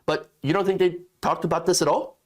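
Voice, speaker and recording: Reading the news as political opinion commentary, a man speaks in a high voice with fairly even intonation at a fairly quick pace. He comes across as sarcastic, indignant and conversational.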